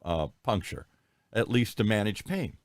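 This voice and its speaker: A man hosting a health talk show, telling stories in a halting, animated way. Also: on the low side, no echo. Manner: animated storyteller, halting with fillers. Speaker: podcast host. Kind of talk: casual chat.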